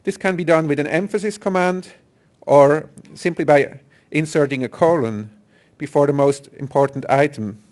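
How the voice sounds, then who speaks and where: Man, conference presenter, higher-pitched, methodical, step-by-step explanation. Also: normal speed, darkish tone. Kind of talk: technical presentation. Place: conference hall.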